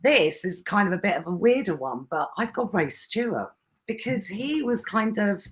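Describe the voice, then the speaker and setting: A woman in her thirties talks in a loose, rambling way, full of fillers and little laughs. Her voice sits at an ordinary middle pitch. She sounds like a guest having a relaxed chat. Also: moderate pace. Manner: chatty, rambling, giggly. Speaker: podcast guest. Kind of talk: casual chat.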